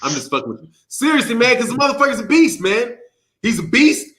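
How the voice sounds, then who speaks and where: A man's voice: very high voice, very animated, fast, a bit bright. A man hosting a casual boxing talk show, loose and joking as he ranks fighters. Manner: joking, teasing, loose banter.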